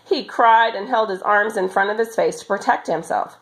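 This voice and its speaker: A woman reading a children's story aloud as storyteller, in an expressive, animated manner. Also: medium pitch, normal speed, few pauses, rough recording.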